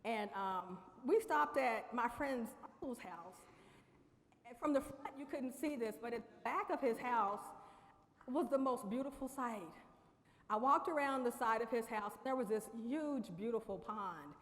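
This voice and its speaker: A woman telling a personal story as a convocation speaker, conversational and quick to laugh, turning to the audience often. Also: on the high side, expressive. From Lexington, Kentucky. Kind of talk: storytelling speech. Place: large chapel. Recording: long reverb of a chapel hall.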